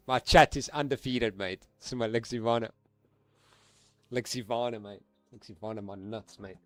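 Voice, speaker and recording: A man chatting casually to his viewers during a live stream, excitable and laughing, swearing freely and using street slang. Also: mid-range voice, a little slow, long pauses, no room sound. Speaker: livestreaming forex trader.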